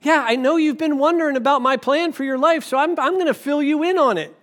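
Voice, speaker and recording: A man voicing Jesus as a friendly, reassuring caller in a sermon skit, speaking gently and casually. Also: very high voice, brisk, pitched above the performer's own voice. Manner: chatty, gentle, speaking over the phone.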